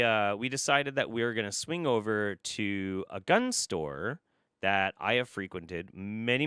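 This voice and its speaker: Animated, swearing man telling a story. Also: on the low side, clear, resonant tone, no room sound, studio quality. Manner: profane, animated, restarts with many fillers. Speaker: vlogger. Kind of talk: casual storytelling to camera.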